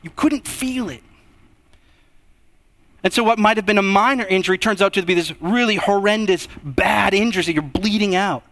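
A young man delivers a sermon with a noticeably high voice. He moves from quiet, drawn-out passages to raised, emphatic stretches. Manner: expressive, swings between hushed and raised delivery. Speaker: preacher.

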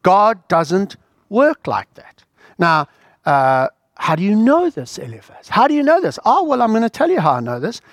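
A man preaching a sermon in an earnest, emphatic way, with dramatic pauses. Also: high voice, very animated, dry recording, studio quality.

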